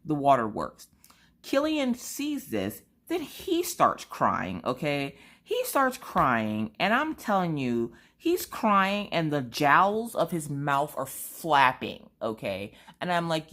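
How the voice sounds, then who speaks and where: A mother vlogging at home at night, retelling her family's day in an animated, dramatic way, often tagging "okay?". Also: sits low, normal speed. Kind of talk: casual storytelling to camera.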